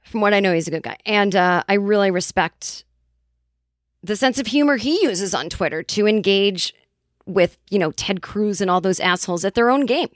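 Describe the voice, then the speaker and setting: A woman's voice: mid-range voice, expressive, moderate pace, dry recording, studio quality. A middle-aged woman from the Boston area, hosting a podcast and telling a rambling, casual story, swearing freely. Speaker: podcast host.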